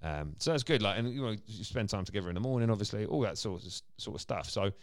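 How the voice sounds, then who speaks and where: Quick-talking man, lowish voice, co-host in easy banter. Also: animated, no echo, studio quality. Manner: chatty, laughs often. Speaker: podcast co-host. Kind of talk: casual chat.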